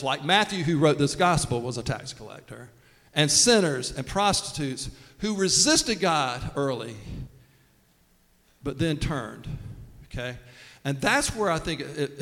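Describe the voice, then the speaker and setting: A pastor with a fairly bright, somewhat high male voice delivers a casual, humorous conversational sermon in a church sanctuary, acting out the voices of the people he quotes. The recording carries the sanctuary's long reverb.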